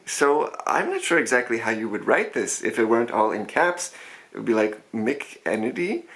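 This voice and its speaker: A man's voice: medium pitch, vocal fry, a bit bright. A man from the American Midwest hosting a casual comedic food vlog with dry, wry asides and a Midwest accent. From Chicago suburbs, American Midwest. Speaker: food vlogger host.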